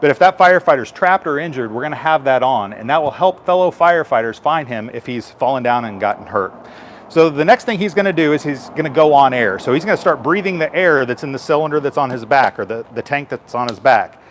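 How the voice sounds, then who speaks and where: A man's voice: medium pitch, expressive, brisk, a little hiss or hum. A man, a firefighter, giving a live station tour and patiently explaining equipment to children in simple terms.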